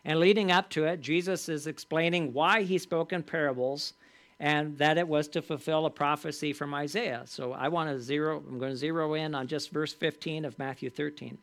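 A man with a somewhat higher voice teaches a Bible class in a relaxed, conversational manner. He often checks in with the group through short tag questions. He leans into the scripture passages he reads aloud. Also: moderate pace.

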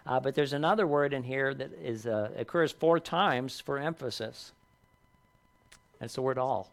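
Pastor preaching, earnest, building and dropping emphasis, mid-range voice. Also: male voice, mid-range voice, moderate pace. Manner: earnest, rising in emphasis and dropping softly on key lines. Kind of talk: sermon.

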